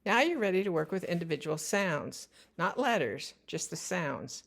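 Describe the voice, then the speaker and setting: A woman giving instructional narration for parents. She talks in a slow, careful way and spells out the sounds of words. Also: fairly low pitch, very animated, vocal fry. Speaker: teacher.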